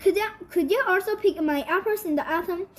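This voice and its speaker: A blustering old duke hollers about his cherries, as a woman reading a storybook puts him on. He is quick-tempered and commanding, and the voice sits high. It is an unpolished read-aloud rather than a full performance. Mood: gruff. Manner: shouting, blustering. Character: bellowing rich old duke, man, hot-tempered.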